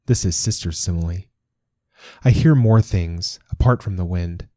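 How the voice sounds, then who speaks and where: Deep, dark-voiced male narrator. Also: no echo. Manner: calm, measured storytelling with quoted voices. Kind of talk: scripted narration.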